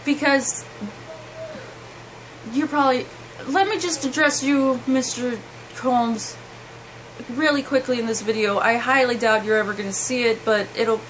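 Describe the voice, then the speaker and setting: A young woman telling a personal story to camera, halting and emotional, with many restarts. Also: a little high, fairly bright tone, slight background noise, rough recording. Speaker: vlogger.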